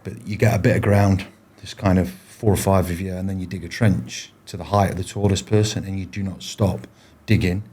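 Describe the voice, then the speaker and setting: A man's voice: low-pitched, flat delivery, fairly quick, few pauses, a little mellow, a little hiss or hum. A man, a former paratrooper, telling his stories in a casual interview, rambling with frequent restarts and fillers. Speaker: podcast guest, former paratrooper.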